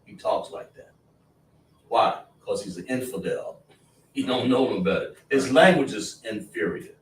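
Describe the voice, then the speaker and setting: A man's voice: on the low side, measured pace. A man teaching a class in an emphatic, repetitive, scolding preaching manner, in an indoor classroom. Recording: roomy, distant mic, faint noise.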